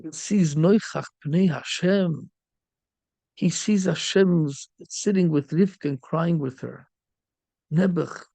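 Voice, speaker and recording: High gravelly middle-aged rabbi preaching. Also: male voice, warm tone, no echo. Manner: storytelling sermon peppered with Yiddish and Hebrew terms. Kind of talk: sermon.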